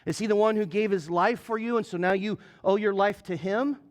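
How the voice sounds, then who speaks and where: Male pastor, slightly higher voice, earnest sermon delivery, talks straight to the room. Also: a little fast. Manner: earnest, direct appeals to the congregation. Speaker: lead pastor. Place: church sanctuary.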